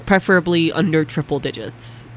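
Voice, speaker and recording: A man's voice: fairly high pitch, moderate pace, fairly bright tone, a little hiss or hum. A young man co-hosting a student radio show, dropping wry, understated asides in casual chat.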